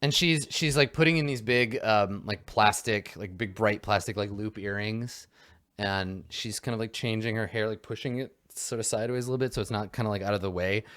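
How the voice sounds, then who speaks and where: A man's voice: fairly low pitch, brisk, a bit bright, no room sound, clean studio sound. A man narrating as game master of a tabletop role-playing game, rambling with many fillers.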